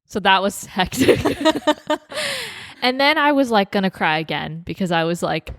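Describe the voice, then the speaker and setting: A woman's voice: mid-range voice, measured pace, a bit bright, no echo, studio quality. A young woman co-hosting a podcast, chatting casually with lots of fillers, swearing and laughter. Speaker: podcast co-host. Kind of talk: casual chat.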